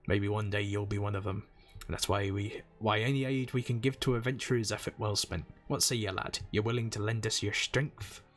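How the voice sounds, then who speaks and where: A man voicing a gruff middle-aged tavern keeper with an exaggerated rough seafaring brogue, boisterous and long-winded. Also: fairly low pitch, unhurried, fairly bright tone, faint music behind. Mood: rousing.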